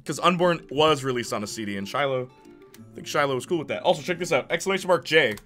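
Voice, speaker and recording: A man's voice: fairly high pitch, lively intonation, quick pace, fairly bright tone, faint music behind. A man streaming live, chatting casually and reading his chat aloud with sarcastic, joking banter.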